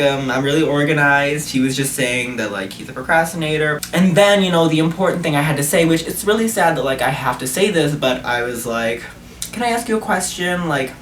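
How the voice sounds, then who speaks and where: A man's voice: fairly quick, far from the mic. Sassy young man telling a storytime vlog. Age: young adult. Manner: sassy, animated, swears freely, jumps high in pitch when outraged. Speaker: vlogger. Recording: roomy echo, a little off-mic, faint hiss.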